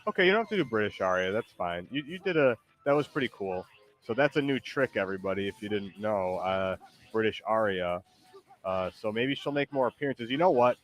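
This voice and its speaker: A man's voice: fairly low pitch, lively intonation, a little fast. A man hosting a stream in casual chat, loose and teasing, with lots of likes and ums. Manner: loose, rambling, teasing, many fillers. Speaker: streamer host.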